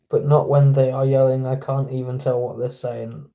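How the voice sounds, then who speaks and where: A man's voice: mid-range voice, level tone, moderate pace, few pauses, dark tone. A man with an English accent hosting a casual livestream, chatting with viewers and greeting them by name. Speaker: livestream host.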